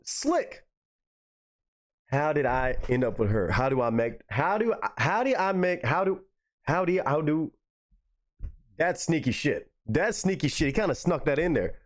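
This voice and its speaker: Excitable swearing man reacting to music. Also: a little high, unhurried, long pauses. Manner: excitable, profane, repeats lines in disbelief.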